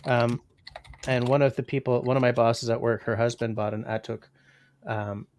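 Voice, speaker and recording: A man of fifty hosting a casual livestream, rambling along and reading viewer comments out loud. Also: medium pitch, level tone, normal speed. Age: 50s. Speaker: livestream host.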